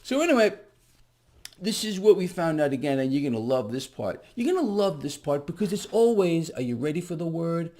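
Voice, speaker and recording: A middle-aged man with a slightly high voice rants casually to his viewers about the markets. He is sarcastic and animated, swinging from mocking shouts to quiet, earnest asides. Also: normal speed. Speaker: market commentary vlogger. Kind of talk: casual direct-to-camera market rant.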